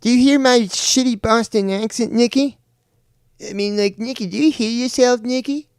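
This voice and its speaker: A man putting on a loud, mocking Boston-accented voice to imitate a streamer. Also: normal speed, smooth, dry recording. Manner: loud, high, mocking sing-song.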